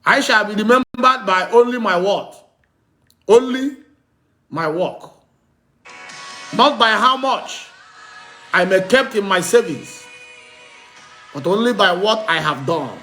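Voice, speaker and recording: A man preaching a sermon, teaching with slow, emphatic repetition and asking the listeners questions he answers himself. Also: sits high, animated, sharp tone, soft background music. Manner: repetitive call-and-response teaching, asks "what?" and answers; slow, emphatic delivery with drawn-out words.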